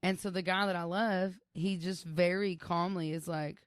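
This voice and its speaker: Young woman co-host, lower voice, chatty storyteller, dry close mic. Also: fairly even intonation, normal speed, few pauses, smooth, no echo. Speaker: podcast co-host. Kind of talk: casual chat.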